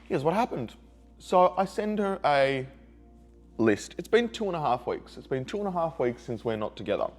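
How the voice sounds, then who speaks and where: A man's voice: a little high, very animated, normal speed, faint music behind. An upset man, telling a rambling personal story in a video diary and repeating himself when hurt. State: emotionally upset. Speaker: vlogger.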